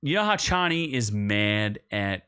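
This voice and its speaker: A man's voice: lowish voice, measured pace, clear, resonant tone. Rambling man on a movie podcast. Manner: rambling, self-interrupting, animated when excited. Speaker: podcast co-host. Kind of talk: casual movie review chat.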